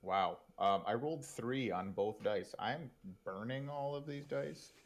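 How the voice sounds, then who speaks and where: A man playing a tabletop game, talking in an unhurried, hesitant way with many ums. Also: medium pitch. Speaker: player. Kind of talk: casual tabletop game chat.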